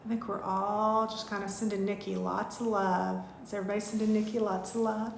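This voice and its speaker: A woman, teaching a live online spiritual class in a gushing, heartfelt way with drawn-out thank-yous. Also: medium pitch, little pitch movement, creaky, a little hiss or hum. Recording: echoey room.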